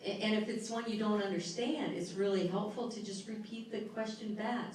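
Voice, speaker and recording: A middle-aged woman giving a workshop talk, leading a calm guided relaxation and then explaining points with lively emphasis. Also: medium pitch, normal speed. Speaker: workshop speaker. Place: large echoey hall. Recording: echoey hall, voice from far off, faint noise.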